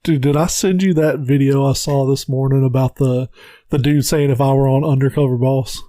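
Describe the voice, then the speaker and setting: A young man co-hosting a podcast, telling stories in lively casual chat. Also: medium pitch, moderate pace, no echo. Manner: animated storyteller, acts out quotes. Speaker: podcast co-host.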